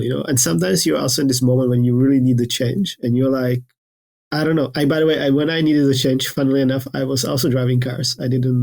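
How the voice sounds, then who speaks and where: Brief: man from the Republic, podcast host, easygoing, mid-pitched voice. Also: creaky, a little mellow. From Czech Republic. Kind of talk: casual interview chat.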